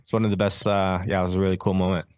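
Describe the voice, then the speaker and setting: A young man, a comedian guest, chatting loosely and laughing between quick bursts of talk. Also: low voice, little pitch movement, darkish tone, smooth. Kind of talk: casual chat.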